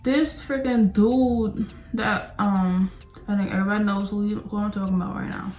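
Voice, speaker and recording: While doing her makeup, a young adult beauty vlogger tells a storytime, ranting and rambling as she hops from point to point in a casual, animated way. Her medium-pitched voice moves at a normal speed and bounces around an echoey room.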